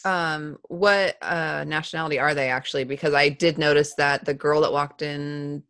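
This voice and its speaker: Playful podcast co-host, mid pitch. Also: fairly even intonation, moderate pace, fairly bright tone, clear, resonant tone. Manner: playful, laughs often. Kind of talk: casual podcast chat.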